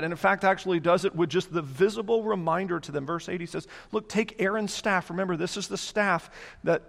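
A man preaching a sermon, animated, now and then putting on mocking voices for complainers. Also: high-pitched. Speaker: pastor. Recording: long hall reverb.

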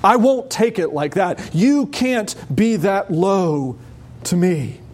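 Peter the apostle, an impulsive and stubborn grown man, as a preacher acts him out in a sermon. He protests emphatically, and his pitch sits high and swings widely between words. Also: lively intonation, takes it slowly, darkish tone, exaggerated voice. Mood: protesting.

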